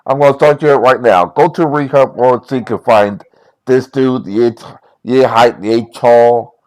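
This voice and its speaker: A man playing in a tabletop game who talks haltingly, restarting often. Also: medium pitch, steady tone, a little mellow. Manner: halting, with many restarts and fillers. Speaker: player.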